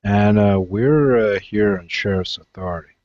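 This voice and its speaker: Low-voiced male tabletop player. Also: moderate pace, dull audio, a loud crowd.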